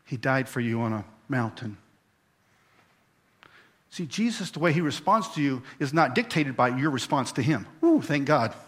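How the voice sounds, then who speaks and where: A man's voice: medium pitch, sing-song, normal speed. A man preaching a sermon, talking to the congregation and acting out the characters. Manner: conversational, acts out voices, asks the congregation. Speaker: pastor.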